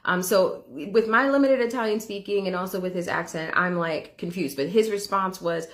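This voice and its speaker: A woman's voice: lowish voice, normal speed, a bit bright. A woman hosting a reaction video, telling a personal story in candid, casual commentary full of filler words.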